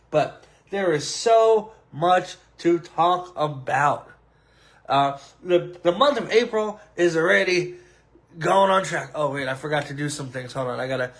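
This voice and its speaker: A male podcast host in casual sports and wrestling talk, hoarse with a cracking voice, animated and stretching words for drama. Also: fairly high pitch. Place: home room at a computer. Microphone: desk microphone.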